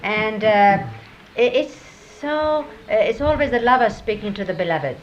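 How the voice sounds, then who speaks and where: A woman speaking in a group talk, halting and searching for her words. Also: medium pitch, lively intonation. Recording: dull lo-fi tape with faint hiss.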